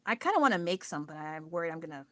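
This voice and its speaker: A woman's voice: sits low, big pitch swings, quick pace, fairly bright tone, dry recording. A woman with an American accent chatting casually on a livestream, rambling and laughing often as she answers her chat. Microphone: phone.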